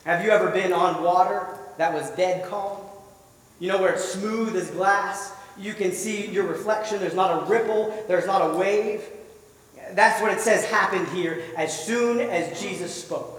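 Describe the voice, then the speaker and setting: A man's voice: high-pitched, measured pace, a bit bright. A man preaching a sermon, retelling a story vividly and asking the listeners rhetorical questions. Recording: echoey hall, voice from far off.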